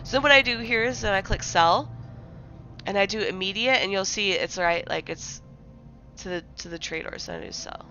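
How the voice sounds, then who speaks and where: A young Midwestern livestreamer chats casually with viewers in a bright, sharp, mid-range voice at a moderate pace, rambling with lots of fillers, "likes," restarts, and half-finished thoughts. Soft music plays behind her, and the audio is a little muffled and dull, like a typical home stream mic.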